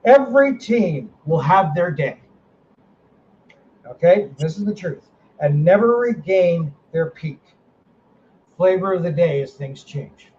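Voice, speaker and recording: A middle-aged man hosting a casual podcast chat, running a paranormal team, ranting with animated energy and swearing freely. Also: on the high side, slow pace, long pauses. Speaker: paranormal team director, host. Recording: slightly dull sound, faint noise.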